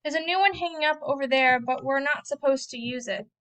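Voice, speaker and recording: An eager young farm boy, pushy and pious, always begging and scolding in a high, bright voice, as a woman reads him aloud from a novel. He sounds like a storybook child. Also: a little fast.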